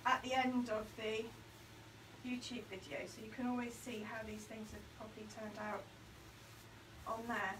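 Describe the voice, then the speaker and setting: High-voiced chatty British woman. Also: moderate pace, long pauses, echoey room. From born near Liverpool, England. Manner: chatty, laughing, animated storytelling. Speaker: craft video host. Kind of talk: casual chat while painting. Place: indoor craft studio, hot room. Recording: distant mic with noticeable background noise.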